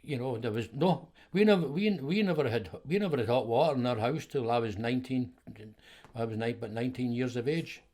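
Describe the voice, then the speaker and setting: Scottish man, 70s, podcast guest, rambling anecdotes, chuckles often, restarts sentences, middle pitch. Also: fairly quick, a little mellow. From Scotland. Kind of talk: casual storytelling conversation.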